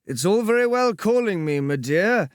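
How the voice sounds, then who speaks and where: Foppish English aristocrat, put on by a male narrator: lazy affected drawl, weakened, a touch higher than normal speech. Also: animated, moderate pace, dry recording, clean studio sound. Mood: weary drawl. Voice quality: sleepy, drawly, affected tones. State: weak and sore.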